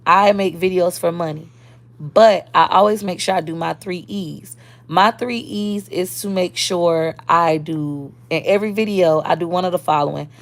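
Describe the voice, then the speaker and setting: A woman's voice: on the low side, normal speed. A woman, talking casually and bluntly on a live stream as a social media creator, answering viewer comments.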